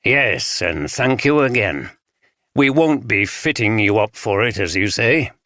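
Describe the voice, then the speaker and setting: A man reading a gentle detective. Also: on the low side, lively intonation, measured pace, no room sound, clean studio sound. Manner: gentle, reassuring. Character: calm, kindly male police detective.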